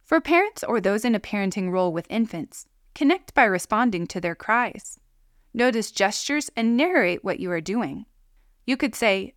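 Calm woman reading parenting guidance. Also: medium pitch, normal speed, no room sound, studio quality. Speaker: parenting educator. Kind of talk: scripted instructional narration.

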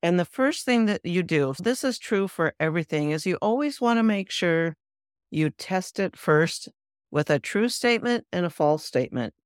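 A woman hosting a spiritual podcast, explaining a practice in a calm, deliberate way and slowing down on key words. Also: on the low side, dry recording, clean studio sound. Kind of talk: instructional spiritual talk.

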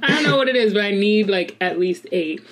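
A woman co-hosting a casual podcast chat, talkative and quick to laugh. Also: mid-range voice, lively intonation. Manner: chatty, laughs often, talks to herself by name.

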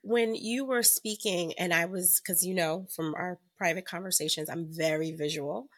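A woman podcast host who interviews her guest, affirming and encouraging with frequent soft backchannels. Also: on the low side, steady tone, moderate pace. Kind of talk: interview chat.

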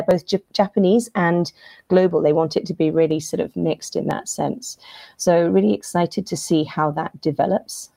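A woman's voice: sits low, vocal fry, dark tone, no room sound. A woman talking as a guest in a casual livestream discussion, thoughtful, with many fillers and restarts.

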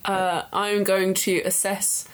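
A woman's voice: medium pitch, little pitch movement. Joking woman playing a tabletop game. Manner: quick, joking, swearing. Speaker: player.

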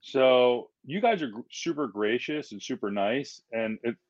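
Animated storytelling man, dull dry sound. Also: medium pitch, unhurried, no echo. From Philadelphia. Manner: animated, acts out quotes in changing voices. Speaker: guest, firefighter. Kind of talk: casual storytelling in a podcast interview.

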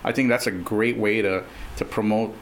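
Laid back guy, lowish voice, lots of "like" and "you know", faint hiss behind. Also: fairly even intonation, moderate pace, low-quality recording. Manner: easygoing, filler-heavy. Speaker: podcast co-host. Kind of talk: casual movie review chat.

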